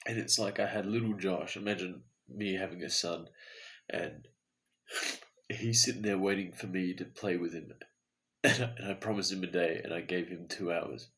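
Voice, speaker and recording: A man's voice: low-pitched, moderate pace, a bit bright. A tired man talking to himself in an earnest, introspective video diary late at night. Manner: earnest, introspective self-talk. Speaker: vlogger.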